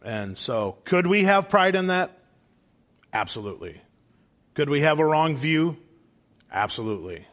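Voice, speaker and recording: A man's voice: fairly high pitch, sing-song, a little slow, long pauses, fairly bright tone. A man, father of a young child, teaching a church Bible study class in an earnest manner and posing questions to the group. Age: adult father of a young child.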